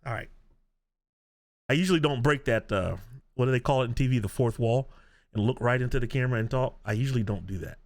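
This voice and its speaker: A man co-hosting a podcast in casual chat, ranting with animated energy and laughing often. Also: mid-range voice, quick pace, pauses often. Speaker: podcast co-host. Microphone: video podcast mic.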